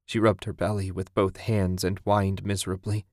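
A man reading a dark short story aloud in a grave, measured way. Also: deep voice, flat delivery, dry recording, studio quality. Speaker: narrator. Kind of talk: scripted dark story narration.

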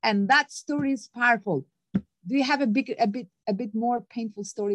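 Brisk and captured with no echo, a woman's dry-sounding voice carries emphatic motivation. She's a guest author in a conversational interview who voices quotations with big jumps in pitch.

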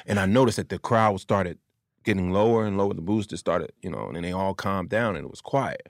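A man, a comedian, telling stories in a casual chat, animated and often laughing. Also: deep voice, fast, gravelly, no echo, clean studio sound. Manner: animated storyteller, acts out quotes, laughs often. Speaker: comedian guest.

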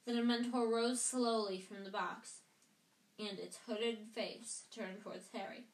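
A woman's voice: fairly high pitch, fairly even intonation, unhurried. A woman reading a novel aloud casually at home, sometimes stumbling and rereading lines. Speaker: audiobook reader. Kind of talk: amateur book reading. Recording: roomy echo.

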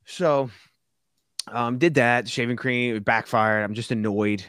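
A man's voice: mid-range voice, unhurried, clean tone, no room sound, clean studio sound. A man, a podcast guest, telling a prank story in casual chat and acting out the voices of the people in it. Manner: animated storyteller, acts out quoted voices.

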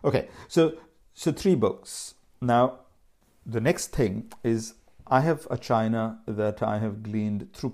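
A man's voice: medium pitch, gravelly, a little mellow. A man hosting a podcast, reading a book passage aloud and then chatting in a rambling, thinking-aloud way. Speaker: podcast host.

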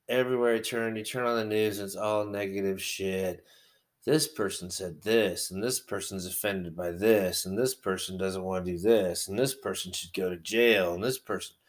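Guy kinda low voice, rambling and swearing a lot, just chatting at home. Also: a bit bright. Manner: profane, ranting, conversational. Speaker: hobby wargaming vlogger. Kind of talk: rambling casual monologue.

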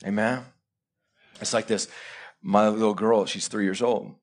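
A man in his thirties preaching a live sermon, swinging between loud urgent bursts and quiet, intimate asides and asking the congregation direct questions. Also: on the low side, fairly even intonation, unhurried. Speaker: pastor.

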